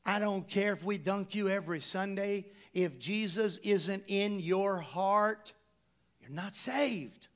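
A man's voice: sits high, slow, fairly bright tone. A middle-aged male pastor preaching a sermon, emphatic and conversational, full of rhetorical questions to the congregation.

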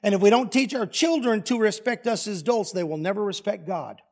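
A middle-aged man preaching in a relaxed, homespun way, full of wry humor. His voice sits high for a man. He tells family stories as sermon lessons. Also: a little fast. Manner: folksy, plainspoken and humorous. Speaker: pastor. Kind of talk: storytelling sermon.

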